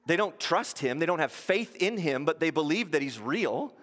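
Male pastor, high voice, preaching with rhetorical questions in a church hall with long reverb. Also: animated, normal speed, a bit bright. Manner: rhetorical questions, acts out quotes in shifting voices. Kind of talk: sermon.

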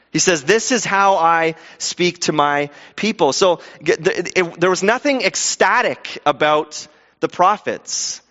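A man preaching a sermon with animated delivery, stumbling into restarts and acting out quoted voices. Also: high voice, a little slow. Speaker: pastor. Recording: dull sound with long hall reverb.

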